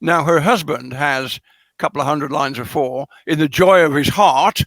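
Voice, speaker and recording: Man lecturing warmly with many ums. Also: fairly high pitch, moderate pace, no room sound. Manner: hesitant, many ums, explains carefully. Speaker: guest scholar. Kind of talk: lecturing conversation.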